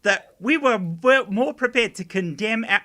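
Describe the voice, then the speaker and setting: A man's voice: extremely high pitch, moderate pace, sharp tone. A man hosting a casual panel chat, rambling with many restarts and fillers. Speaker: host.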